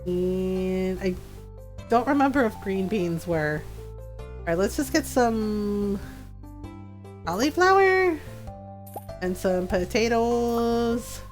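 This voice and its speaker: A woman's voice: medium pitch, slow pace, darkish tone, faint music behind. A woman streaming a farming game, chatting casually and playfully with frequent giggles. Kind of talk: casual gameplay commentary.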